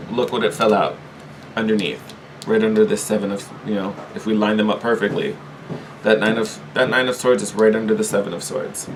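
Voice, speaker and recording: A man giving a casual, chatty tarot reading, animated and quick to laugh, often repeating himself. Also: on the low side, slight background noise, poor audio. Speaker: tarot reader.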